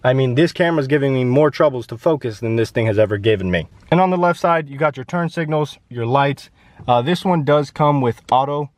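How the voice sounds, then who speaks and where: A young man gives a chatty, joking walkaround review of his pickup truck, addressing the camera from inside and around it with lively ups and downs. His mid-range voice moves a little fast, with no room sound.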